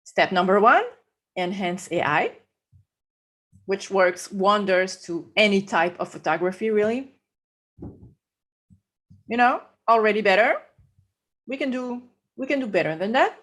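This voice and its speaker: A woman with a French accent walking viewers through a photo edit step by step, laughing easily. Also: medium pitch. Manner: slow, explanatory, laughs easily. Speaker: guest photographer. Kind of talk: live photo-editing demo.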